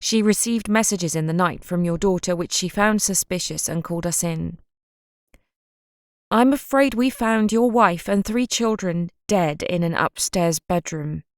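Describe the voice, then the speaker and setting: A calm policewoman breaking terrible news, gentle and formal, voiced by a woman narrator. She speaks slowly and evenly, recorded dry and close for an audiobook. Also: lowish voice, dry recording. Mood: gentle, solemn. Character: calm, careful female police detective delivering bad news.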